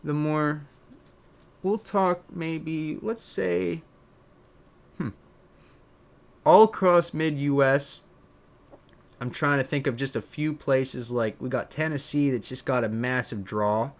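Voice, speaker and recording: A man from Pennsylvania with a drawn-out, slightly southern accent, musing in a casual live-stream chat, full of fillers and restarts. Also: fairly high pitch, creaky. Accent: Pennsylvania, with a drawn-out southern drawl. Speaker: streamer and content creator.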